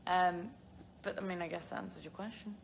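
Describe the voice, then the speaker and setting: A woman's voice: on the low side, steady tone, brisk, vocal fry, slight background noise. A young English woman reading out fan questions and chatting casually on a phone livestream, often laughing and using filler words. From England. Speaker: actress answering fan questions. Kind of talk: casual live-stream chat.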